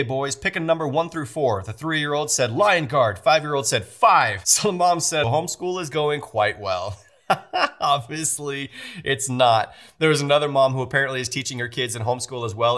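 A man in his thirties, a pastor telling a family story in a sermon, animated and acting out the voices of his wife and kids. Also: mid-range voice. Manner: animated, acts out family dialogue with playful voices.

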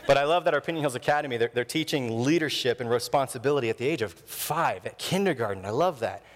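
A man in his thirties preaching a sermon in a church, telling stories with animated delivery and acting out the voices he quotes. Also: mid-range voice, fast, big-room sound. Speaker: pastor. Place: church sanctuary.

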